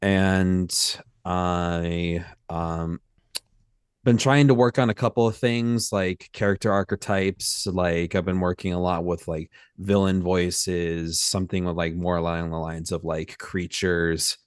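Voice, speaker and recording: A man with a deep, smooth, resonant voice speaks casually and hesitantly, filling his pauses with ums and likes. The sound is dry and close. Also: flat delivery, no echo. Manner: hesitant, many fillers. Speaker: voice acting newcomer. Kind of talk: casual chat.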